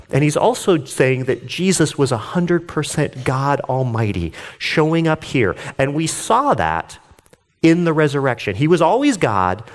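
A man reading scripture aloud and explaining it in a casual, earnest way, sometimes getting worked up. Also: mid-range voice. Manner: reads scripture then explains it conversationally. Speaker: Bible teacher. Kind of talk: devotional Bible reading and commentary.

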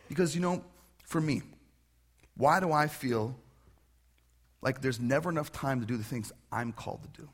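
A man preaching a sermon in a conversational, animated way, full of questions. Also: medium pitch. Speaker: pastor.

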